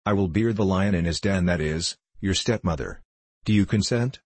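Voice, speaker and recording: A man reading the lines of a brave, principled teenage boy in an audiobook, with a calm, firm manner. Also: sits low, normal speed, dry recording. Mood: earnest.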